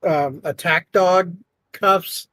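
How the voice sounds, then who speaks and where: A man playing a tabletop game speaks slowly and searches for his words. His voice is fairly high and bright, and the sound is dry. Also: steady tone, no echo. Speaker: tabletop player. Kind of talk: casual game chat.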